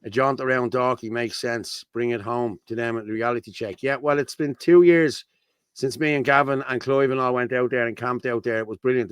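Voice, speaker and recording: A man's voice: medium pitch, smooth, no echo. A man with a Dublin accent hosting a casual livestream, talking bluntly and reading out viewer comments. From Ireland. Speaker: host.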